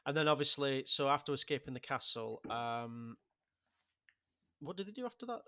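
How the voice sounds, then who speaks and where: A man's voice: medium pitch, sing-song, sharp tone, dry recording, studio quality. A young man as a podcast guest, chatting eagerly about films and finishing his co-host's sentences. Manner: quick, eager, chimes in and finishes the other's sentences. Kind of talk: casual film chat.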